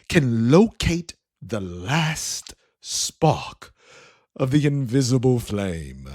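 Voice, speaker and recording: A man voicing a suave, condescending blue alien gentleman thief who speaks theatrically. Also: on the high side, no echo, clean studio sound, voice pushed up, full character voice. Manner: theatrical, condescending, says "my dear".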